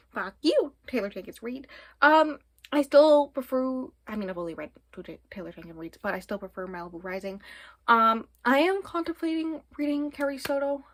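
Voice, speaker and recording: A woman's voice: on the high side, a bit bright, dry recording. A young woman talks through her month of reading in a loose, chatty vlog. She rambles from thought to thought, dotting her sentences with fillers. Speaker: book vlogger. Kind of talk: casual monthly reading wrap-up.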